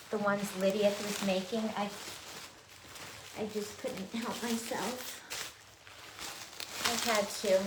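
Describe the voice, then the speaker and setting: A woman unboxing a parcel in a vlog, gushing and repeating herself with excitement. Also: mid-range voice. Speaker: small business crafter unboxing happy mail. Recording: echoey room with clear ambient noise.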